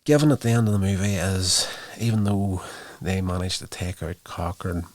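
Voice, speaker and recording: A man's voice: sits low, normal speed. A man hosting a podcast, casually recounting a movie's plot in a rambling way with many fillers. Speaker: podcast host reviewing a movie. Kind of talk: casual spoken movie review.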